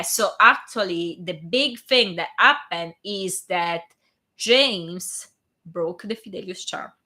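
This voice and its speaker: A woman's voice: mid-range voice, pushed and bright. A young adult woman with an Italian accent, hosting a reading channel and chatting casually with listeners, often restarting her sentences. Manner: chatty, frequent restarts and filler words. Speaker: fanfiction reader and channel host. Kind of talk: casual chat before a live reading.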